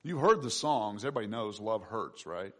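A man preaching a sermon with emphatic delivery and sudden loud peaks. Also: on the low side, lively intonation, a little fast, slightly rough. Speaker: pastor.

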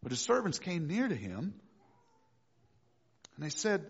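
A man preaching a sermon as pastor, animated and quick to act out voices of the people in the story. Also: a little high, creaky, husky. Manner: animated, acts out voices of figures. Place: church sanctuary. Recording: dull lo-fi recording with long reverb in a church.

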